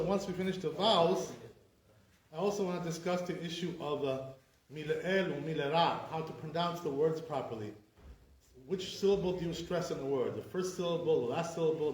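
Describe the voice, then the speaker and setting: Rabbi teaching a class in an echoey room. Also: male voice, a little high, a little mellow. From Sephardi community. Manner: explains step by step, checks with listeners, demonstrates sounds aloud. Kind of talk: informal Torah class.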